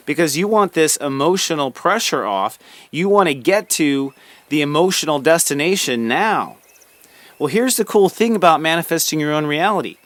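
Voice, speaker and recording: A man hosting a daily spiritual talk, gently encouraging the listener and calling them friend. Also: a little high, dry recording. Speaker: spiritual podcast host.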